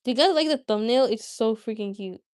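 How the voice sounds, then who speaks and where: A woman's voice: on the high side, expressive, fairly quick, a little mellow, dry recording, clean studio sound. A woman hosting a livestream, talking casually and giggling as she chats straight to her viewers. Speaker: livestream host.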